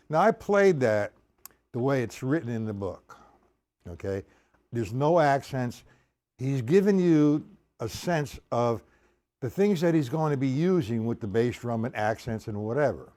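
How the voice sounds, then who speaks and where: A man's voice: medium pitch, lively intonation, a little slow, a little mellow, soft background music. A man teaching a drum lesson, explaining patterns step by step and counting sixteenth notes aloud. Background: drum kit playing.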